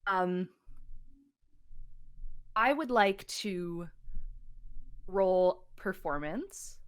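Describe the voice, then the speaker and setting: Animated woman player, lively pitch, casual. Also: very slow, smooth. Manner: chatty and animated. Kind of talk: casual chat at a tabletop game.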